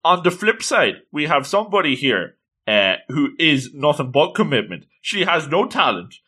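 A man casually recapping a manga chapter, animated and full of exclamations. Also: fairly high pitch, moderate pace, husky. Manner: animated, excitable, exclaims often. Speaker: manga reviewer.

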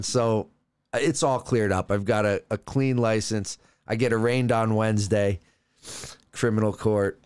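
A man's voice: on the low side, steady tone, unhurried, darkish tone, clear, resonant tone. A man co-hosting a comedy podcast, telling a rambling story with laughs and stumbling restarts. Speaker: podcast co-host. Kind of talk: casual comedic chat.

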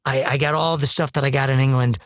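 A man's voice: mid-range voice, fast talker, no room sound, studio quality. A man co-hosting a podcast, telling a long story in casual chat and acting out the people in it. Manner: animated storyteller, acts out voices. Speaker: podcast co-host.

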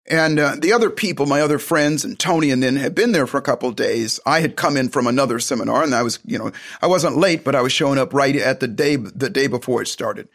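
A man's voice: mid-range voice, fast, hardly any pauses, fairly bright tone. A man telling a personal story in a casual, rambling way, with frequent restarts and side remarks.

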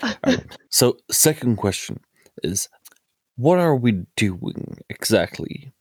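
A man playing a tabletop game in character, asking goofy questions in a deadpan way. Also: mid-range voice, slow pace, husky, no room sound, clean studio sound. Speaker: player.

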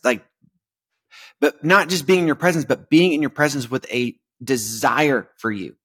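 A young adult man talks through his faith on a podcast. He speaks in a relaxed, conversational way, full of "like" and restarts, at an ordinary middle pitch. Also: normal speed, slightly rough. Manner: conversational, many fillers and restarts. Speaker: podcast host. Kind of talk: casual faith talk.

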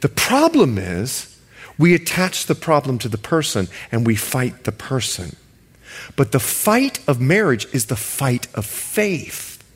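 A male pastor from the Bahamas preaching a sermon. He stretches key words slowly for emphasis and jokes with the congregation. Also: medium pitch, huge pitch swings, breathy edge.

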